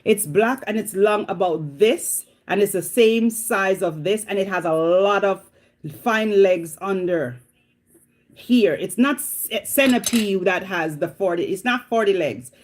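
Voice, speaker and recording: In a casual vlog, a middle-aged Jamaican woman with a Jamaican accent spins a dramatic tale, animated and exclamatory. Her mid-range voice keeps a measured pace.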